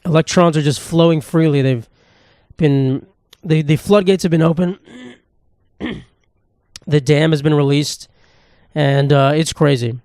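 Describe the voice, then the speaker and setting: A man's voice: a little high, unhurried, pauses often, darkish tone, dry recording, studio quality. A man in his twenties hosting a solo podcast, rambling with crude, self-mocking humor. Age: 20s. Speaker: podcast host. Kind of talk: casual solo podcast monologue. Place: indoor room, at a table.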